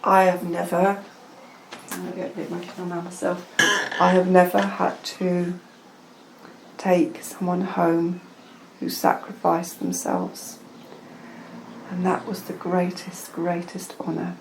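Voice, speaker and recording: A woman, a spiritual healer, leading a hushed, slow channeled session over a video call and then chatting casually with her client. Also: lowish voice, completely flat delivery, creaky, background noise. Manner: soft, slow, hushed incantations. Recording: roomy echo.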